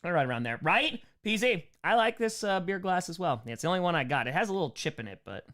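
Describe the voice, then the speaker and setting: A slightly high-pitched young man from New York hosts a livestream, fielding superchats casually. He riffs with a voice that swings up and down, thanking donors in short bursts while keeping the talk light and upbeat.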